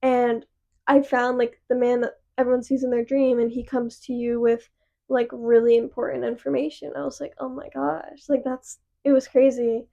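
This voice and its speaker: A woman's voice: fairly high pitch, level tone, moderate pace, creaky, mellow, highs cut off. A young woman co-hosting a podcast, telling stories in a chatty way full of "like" fillers. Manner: chatty storytelling with many "like" fillers. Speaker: podcast co-host. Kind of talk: casual chat.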